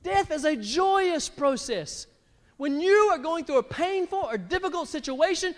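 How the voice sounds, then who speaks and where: A middle-aged man preaching a sermon as pastor, animated and breaking into big exaggerated laughs. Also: extremely high pitch, unhurried. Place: church hall. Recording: long church hall reverb.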